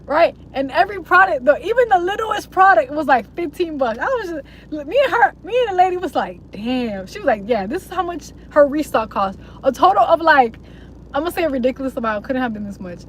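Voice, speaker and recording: Her high voice moves quickly with lively intonation as she rambles casually to her livestream viewers, full of slang, swearing and mocking voices. The young woman's audio is poor and carries a little hiss or hum.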